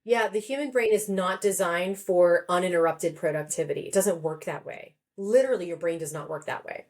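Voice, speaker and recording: A woman psychotherapist and author, talking in an animated, emphatic way in a podcast interview and laughing often. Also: on the low side, a little fast.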